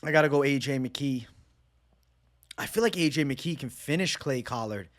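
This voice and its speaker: A man giving a casual solo breakdown of fight picks and betting odds, energetic and slangy in a conversational way. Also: mid-range voice, moderate pace. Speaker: MMA betting analyst.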